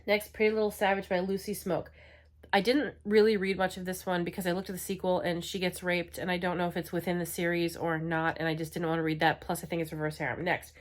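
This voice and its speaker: A woman's voice: lowish voice, level tone, fast. A young adult woman chatting casually as a book vlogger, frank and exasperated, rambling with lots of filler words. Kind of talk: casual book review chat.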